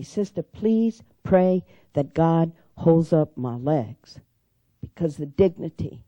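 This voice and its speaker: An older woman speaks from a lectern, her voice mellow and warm rather than bright. The sound is close and dry, with little room around it. She tells her stories with earnest conviction and turns them into pointed questions for the audience. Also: fairly low pitch, husky, no room sound, muffled recording. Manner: earnest storytelling, rising to urgent questions. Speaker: speaker at a civic forum. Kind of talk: public speech. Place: lecture hall.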